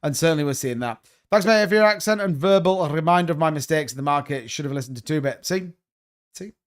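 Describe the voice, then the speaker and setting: A man's voice: fairly high pitch, expressive, fast talker, clean tone. A man hosting a casual livestream on crypto markets, chatting loosely and reading out viewer comments as he goes. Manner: chatty, reads out viewer comments, calls people mate.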